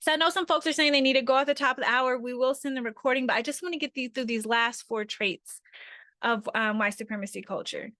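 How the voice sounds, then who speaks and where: A woman's voice: sits high, fast talker, sharp tone, dry recording, clean studio sound. A woman facilitating an online workshop over a video call, talking conversationally and often checking in with her listeners.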